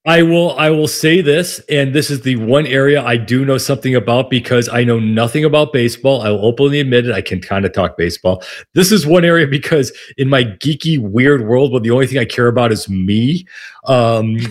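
A man's voice: medium pitch, brisk. A man co-hosting sports talk radio, rambling and self-deprecating with many restarts, speaking. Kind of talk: casual sports radio chat.

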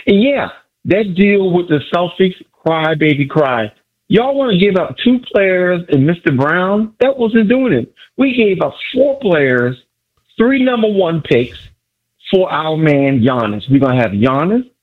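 Excited husky guy calling a sports radio show, voice jumping all over, muffled phone line, keeps repeating himself. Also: high-pitched, a little slow. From Miami area. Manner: hyped, boastful, repeats phrases. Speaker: caller.

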